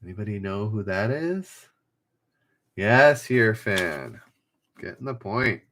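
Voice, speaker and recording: A man's voice: fairly low pitch, very animated, slow, fairly bright tone, a little hiss or hum. A man hosting a casual trivia livestream, reading each clue twice and joking with the chat. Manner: chatty, reads clues twice, jokes with chat.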